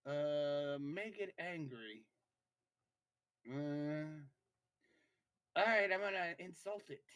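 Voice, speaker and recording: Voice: mid-range voice, extremely slow, fairly bright tone, rough recording. A player in a casual tabletop game who swears freely and talks with lots of energy.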